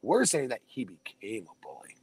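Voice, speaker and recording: Casting: middle-aged man, low voice, casual podcast co-host, self-deprecating storyteller. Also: huge pitch swings, moderate pace, darkish tone, a little hiss or hum, rough recording. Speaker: podcast co-host, former wrestler. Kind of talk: casual chat.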